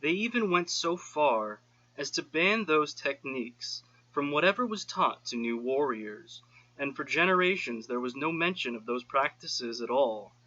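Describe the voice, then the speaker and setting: A man narrating a book, measured and steady, lifting his voice for quoted lines. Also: a little high, dull audio. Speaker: audiobook narrator. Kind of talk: scripted narration.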